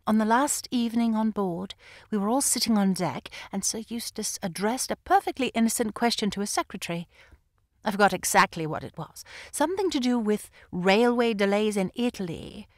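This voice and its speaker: A woman narrating an audiobook in the first person, with an expressive, lively delivery. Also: mid-range voice, normal speed, dry recording, studio quality. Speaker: audiobook reader. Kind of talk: scripted narration.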